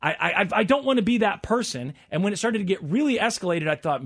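A man in his forties in casual chat, an animated storyteller who acts out the people he quotes. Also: sits high, fast, hardly any pauses. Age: 40s.

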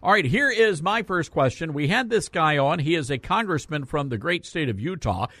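A man hosting a radio talk show, upbeat and jokey, often filling pauses with uh. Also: a little high, animated, bright, forceful tone, no echo. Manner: jokey, upbeat, many filler uhs. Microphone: studio mic.

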